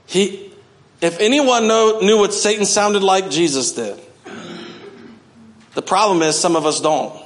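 A man preaching a sermon as pastor, animated, often acting out voices and swinging from loud to hushed. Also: sits high, a little slow, pauses often. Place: church.

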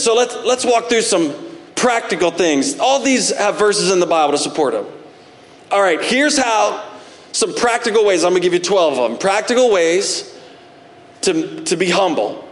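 High-voiced preacher in a reverberant hall. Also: male voice, lively intonation, normal speed. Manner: conversational preaching with acted-out asides. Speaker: pastor. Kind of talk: sermon.

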